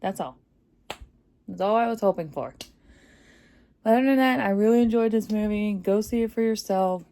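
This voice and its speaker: A woman giving a casual, excited movie review, chatty and full of fillers, laughing often. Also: mid-range voice, moderate pace, long pauses. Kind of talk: casual spoiler review vlog.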